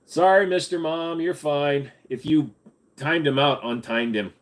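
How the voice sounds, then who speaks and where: A man's voice: on the high side, measured pace. Rambling casual man hosting a livestream. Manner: rambling, profane, lots of fillers. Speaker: livestream host. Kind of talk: casual live Q&A chat.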